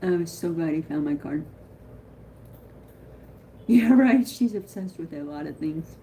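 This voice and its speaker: A woman chatting on a live stream in a rambling, excitable way, greeting viewers as she talks. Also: sits low, unhurried, a little hiss or hum. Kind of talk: casual live-stream chat.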